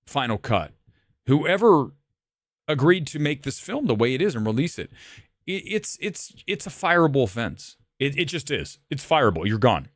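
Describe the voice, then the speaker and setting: A man's voice: medium pitch, dry recording, clean studio sound. A man hosting a movie review livestream, ranting in a combative, profane and self-assured way.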